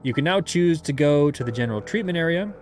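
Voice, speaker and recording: A man's voice: fairly high pitch, animated, quick pace, faint music behind. Playful male gamebook narrator. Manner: playful, laughing asides while narrating. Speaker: game master reading a gamebook. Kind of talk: reading a gamebook aloud with asides.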